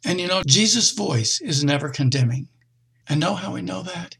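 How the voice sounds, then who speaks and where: A middle-aged man preaching a conversational sermon, with expressive jumps in pitch. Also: normal speed, vocal fry, slightly rough.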